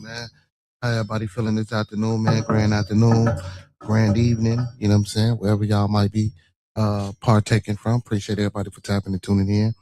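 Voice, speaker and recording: A man, hosting a casual livestream podcast in a laid-back, rambling way, repeating phrases and giving shout-outs. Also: fairly low pitch, little pitch movement, fairly quick, very noisy. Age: 20s. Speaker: podcast host.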